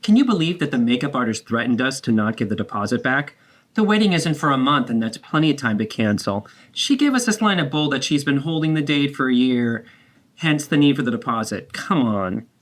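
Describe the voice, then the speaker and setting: A man's voice: medium pitch, sing-song, a little fast. A man voicing a self-absorbed, defensive middle-aged mother in a therapeutic role-play, talking over her child. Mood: bossy. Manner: dramatic, guilt-tripping, talks over her child.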